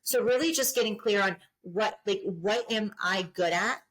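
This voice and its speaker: A woman's voice: mid-range voice, moderate pace, fairly bright tone, low-quality recording. A middle-aged woman, a business coach, speaking as a guest on a podcast in an earnest, encouraging way, often repeating and restarting phrases. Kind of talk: podcast interview.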